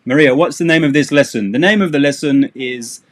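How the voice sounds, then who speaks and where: A man's voice: a little high, a little fast. A middle-aged man teaching a casual live English lesson, joking and sarcastic.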